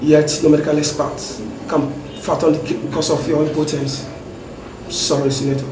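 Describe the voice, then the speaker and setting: An actor playing an apologetic doctor who explains a diagnosis in a measured way. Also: male voice, on the high side, level tone, reverberant, far from the mic, background noise, natural voice. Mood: explaining. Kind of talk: Nollywood film acting.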